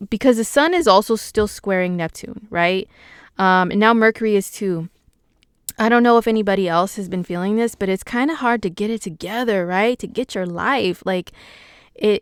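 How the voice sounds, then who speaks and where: A playful, chatty woman with a West Coast American accent, hosting a loose horoscope talk full of slangy asides. Her voice is smooth and crisp. The sound is dry and close, with no room around it. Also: medium pitch, no echo. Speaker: astrologer, channel host. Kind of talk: casual horoscope talk to viewers.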